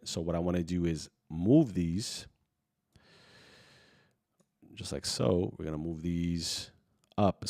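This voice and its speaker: Deep-voiced relaxed man teaching editing. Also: no room sound, studio quality. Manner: relaxed, thinking aloud with many fillers. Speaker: video editing tutor. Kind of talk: casual screen-recorded tutorial.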